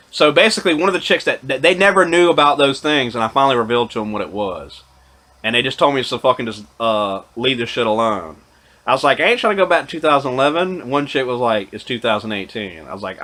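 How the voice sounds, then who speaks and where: A man's voice: mid-range voice, sharp tone. A man vlogging, telling a long rambling story to camera, swearing often and restarting his sentences. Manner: profane, rambling, many fillers and restarts.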